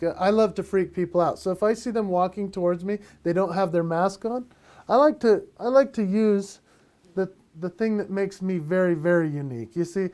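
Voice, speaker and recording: A man's voice: high voice, darkish tone. A man doing a playful, self-mocking comic monologue from his home office and laughing at his own jokes. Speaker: comedian and entertainer.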